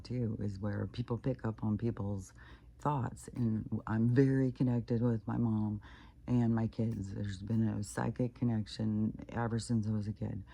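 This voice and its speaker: A woman's voice: extremely low pitch, creaky, warm tone. A woman vlogger talking in a casual, rambling monologue, full of fillers and the odd swear word. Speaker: spiritual vlogger.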